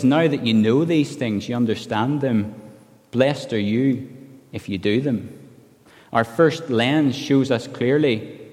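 A man's voice: mid-range voice, a little mellow. Guy giving an earnest sermon, acts out the quotes, long echo off the hall. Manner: earnest expository preaching, acts out quoted lines. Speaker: preacher.

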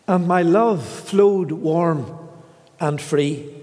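A man preaching a sermon in a slow, measured way, pausing often and voicing the scripture quotes he reads. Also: fairly high pitch, darkish tone, in a large hall.

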